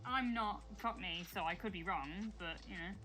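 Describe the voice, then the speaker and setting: A woman with a Northern English accent from near Sheffield, chatting casually on a livestream, blunt, sweary and quick to laugh. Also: mid-range voice, pushed and bright, faint music behind. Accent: Northern English, Sheffield area. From northern England, near Sheffield. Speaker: co-streamer guest.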